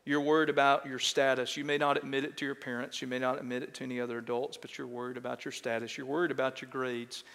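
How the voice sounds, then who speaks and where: A middle-aged pastor with a Texan accent, preaching a sermon and telling a self-mocking story in an animated way, often checking in with "right?". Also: male voice, medium pitch, fast talker, hardly any pauses, clear, resonant tone. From Texas. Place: large church sanctuary. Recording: long church hall reverb.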